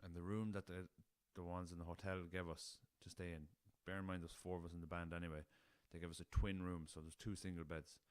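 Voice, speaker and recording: A man's voice: sits low, level tone, fairly quick, hardly any pauses, smooth, no echo. An Irish man hosting a casual solo podcast, rambling through a story and swearing freely, recorded on a laptop. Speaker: podcast host.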